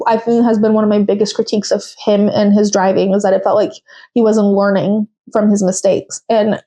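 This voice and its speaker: This podcast host, a young woman, gives a relaxed solo recap that's heavy on fillers, strong views and imitated voices of others. Her tone is warm and her pitch slightly high.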